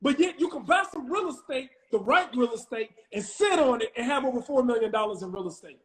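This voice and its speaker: A man's voice: very high-pitched, lively intonation, a little fast, rough recording. A man talking as a real estate investor guest in a casual live-stream chat, emphatic and slangy, repeating his phrases. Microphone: phone on a live stream.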